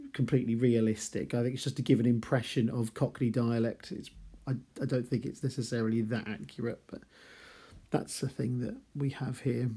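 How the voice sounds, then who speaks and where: A man's voice: mid-range voice, mellow. A man teaching a chapter-by-chapter novel analysis in a casual, rambling way, correcting himself and apologising for slips. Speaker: literature teacher.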